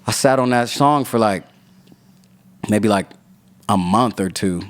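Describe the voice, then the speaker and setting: A man's voice: lowish voice, unhurried. A man, a rapper guest on a podcast, telling a long profane story in casual talk and acting out other people's lines.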